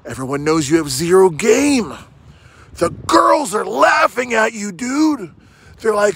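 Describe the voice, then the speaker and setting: A man doing a comedy roast video, brash and profane, yelling and tacking "bro" onto every line. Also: high voice, sing-song, slow, slightly rough.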